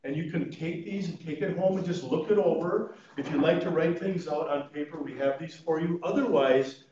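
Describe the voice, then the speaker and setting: Man, chaplain telling stories to a class, animated, slightly high voice, very echoey room, distant dull mic. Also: moderate pace. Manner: storytelling, animated, laughs at his own stories. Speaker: chaplain and funeral pre-planning consultant leading a class. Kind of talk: informal talk to a class. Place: church meeting room.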